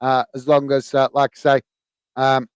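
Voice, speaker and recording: A man's voice: mid-range voice, completely flat delivery, normal speed, smooth, no echo. Chatty man hosting a match watch-along. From England. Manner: chatty, many fillers, bursts into shouts at goals. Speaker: host of a football watch-along stream. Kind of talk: live match commentary and chat.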